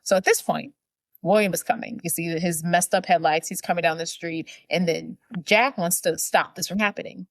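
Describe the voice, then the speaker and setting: Podcast co-host, young woman, low voice, dry close sound, chatty plot recap with bits of character voices. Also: fairly even intonation, normal speed, dry recording. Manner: chatty, acts out characters' lines while retelling. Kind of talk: casual movie recap.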